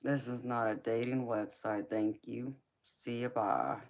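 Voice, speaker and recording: A woman hosts a casual tarot livestream, chatting with viewers at an unhurried, drawn-out pace. She breaks into laughter between her remarks. Steady background noise runs under her voice throughout the stream. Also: rumbling low. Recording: noisy livestream audio.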